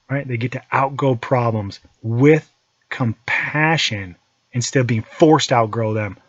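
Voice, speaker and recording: A man in his thirties talks in a loose, profane monologue, and his pitch swings widely up and down as he tells his stories. His voice is slightly husky. The sound is dry and a little dull, like a lo-fi podcast recording. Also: no room sound. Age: 30s. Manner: profane, animated storytelling. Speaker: podcast host and holster maker. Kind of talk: casual monologue.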